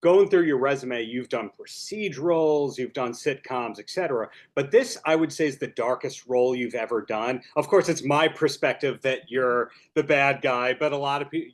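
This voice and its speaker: A man's voice: mid-range voice, normal speed, hardly any pauses. A man hosting a podcast, asking friendly questions over a video call. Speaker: podcast host. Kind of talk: interview.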